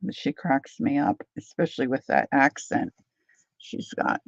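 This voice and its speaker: A woman's voice: rumbling low, big pitch swings, a little slow, breathy edge, no room sound. A middle-aged woman chatting casually with viewers while she paints, greeting them by name and laughing often. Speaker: artist livestreaming her painting. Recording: slightly dull lo-fi sound.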